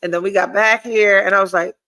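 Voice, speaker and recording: A woman's voice: medium pitch, fairly even intonation, brisk, gravelly, pushed and bright, poor audio. A woman, hosting a podcast and telling a candid personal story with blunt, profane energy, her nose audibly stuffy. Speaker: podcast host. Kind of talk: candid solo livestream chat.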